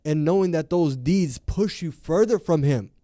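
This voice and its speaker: Passionate man with a dark, mellow voice. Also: fairly high pitch, animated, moderate pace, no room sound, clean studio sound. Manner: passionate, emphatic preaching tone. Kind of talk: casual faith discussion. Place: office site near a parking garage.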